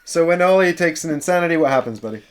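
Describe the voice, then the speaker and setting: A man's voice: fairly high pitch, animated, fast talker, a crowd in the background. A man from Canada playing a board game with friends, laughing easily and explaining the rules. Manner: giggly, easygoing, explains the rules. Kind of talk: casual chat and reading card text.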